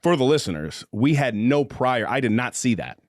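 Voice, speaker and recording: A middle-aged man hosting a podcast, reading aloud in a low, measured voice and joking between passages. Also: very animated, no echo, studio quality. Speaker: podcast host. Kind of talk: casual chat, reading a novel excerpt aloud. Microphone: studio microphone with headphones.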